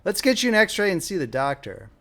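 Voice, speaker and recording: A man's voice: high voice, sing-song, fairly quick, fairly bright tone, pitched above the performer's own voice, full character voice. A man voicing a playful young male ER nurse who speaks with a flamboyant twang.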